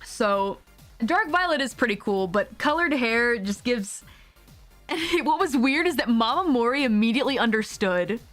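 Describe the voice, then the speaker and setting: A woman's voice: on the high side, animated, moderate pace, fairly bright tone, faint music behind. A young adult woman streaming a video game, chatting casually, laughing often and speaking bluntly with some swearing.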